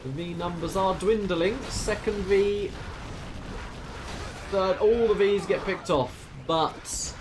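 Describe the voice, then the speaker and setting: A man from near London with an Essex accent, giving lively play-by-play commentary on a strategy game match and reading out viewer chat. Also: high-pitched, slow pace, background noise. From England, near London. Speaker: esports caster.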